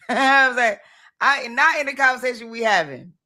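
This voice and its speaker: Blunt animated woman chatting on her show, bright forceful voice. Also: on the high side, moderate pace. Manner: blunt, animated, acts out her own past self. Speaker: host, founder of the organization. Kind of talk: casual conversation.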